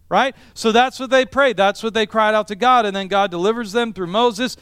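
A man's voice: high-pitched, moderate pace, few pauses, fairly bright tone, clear, resonant tone, no echo, studio quality. A middle-aged male pastor preaching a sermon in an emphatic style, stacking repeated phrases for effect. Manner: emphatic, repetitive preaching cadence.

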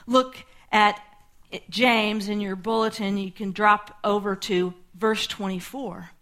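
A woman pastor giving a sermon, teaching in a measured way, stressing key words and checking in with "right?". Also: medium pitch, steady tone, fairly bright tone.

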